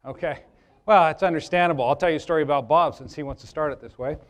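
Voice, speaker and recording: A man's voice: a little high, fast. Joking man presenting a seminar. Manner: joking, chatty storyteller. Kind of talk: live workshop talk with jokes.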